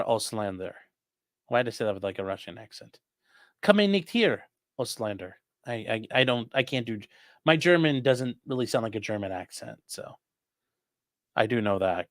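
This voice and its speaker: A man's voice: lowish voice, no echo, clean studio sound. Casual man answering live chat. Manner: rambling, answers viewer questions offhand. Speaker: livestream host reading chat.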